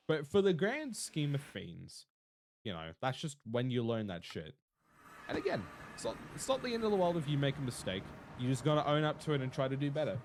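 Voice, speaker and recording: A young man with an Australian accent, chatting casually and rambling to his stream viewers, often swearing and talking fast. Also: medium pitch, a little mellow, slight background noise. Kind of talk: casual livestream chat to viewers.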